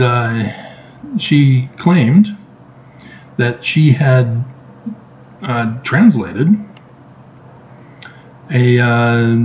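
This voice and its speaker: A man's voice: mid-range voice, a little mellow, a little hiss or hum, poor audio. A middle-aged man talking to camera in a casual monologue, emphatic and sarcastic, throwing out rhetorical questions. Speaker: vlogger.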